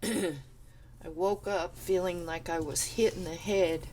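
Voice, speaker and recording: A woman talking through home canning in her kitchen, stuffed up and congested, rambling in a relaxed, unhurried way. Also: on the low side, a little hiss or hum. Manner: slow, unhurried, rambling explanations. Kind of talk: casual kitchen how-to chat. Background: kitchen clatter of pots and utensils.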